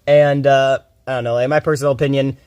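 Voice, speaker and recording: A man streaming a game, talking fast and rambling with a lot of swearing, a bit groggy from little sleep. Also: mid-range voice, level tone, a little mellow, clean tone, dry recording, studio quality. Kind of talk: casual rambling commentary.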